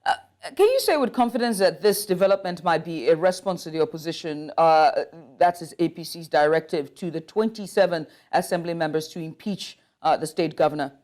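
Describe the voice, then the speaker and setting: A woman's voice: lowish voice, animated, fairly quick, darkish tone. A woman anchoring a news bulletin, reading stories and then interviewing a guest, with occasional slips and restarts. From Nigeria. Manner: reads with small slips and restarts.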